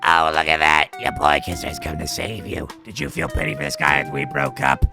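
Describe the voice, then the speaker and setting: A man's voice: rumbling low, expressive, brisk, gravelly, music in the background, exaggerated voice. A man voicing a sneering, cruel young bully who taunts and mocks in a live-streamed game reading. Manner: mocking and taunting.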